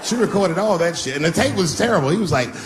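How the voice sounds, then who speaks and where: Animated man doing stand-up to a laughing crowd. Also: fast talker. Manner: animated, swinging from loud bursts to low mutters. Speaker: stand-up comedian. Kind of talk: stand-up routine. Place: stage before a live audience. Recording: live show with loud crowd noise. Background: audience laughter.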